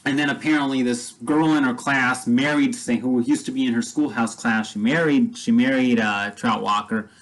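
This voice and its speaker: A man's voice: mid-range voice, fairly even intonation, moderate pace, few pauses, a bit bright, rough recording. A man casually retelling a film story as a vlogger, rambling with many restarts and fillers.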